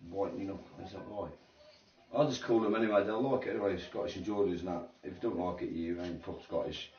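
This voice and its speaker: Deep-voiced and recorded from a distance, a middle-aged man chats loosely while gaming, streaming a racing game and rambling with slang and swearing. His home microphone gives a dull, roomy sound.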